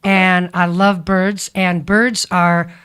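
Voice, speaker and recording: A woman's voice: on the low side, little pitch movement, takes it slowly, a bit bright, clean tone. A woman on a podcast introducing a song in an earnest, heartfelt way. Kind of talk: casual chat, then singing.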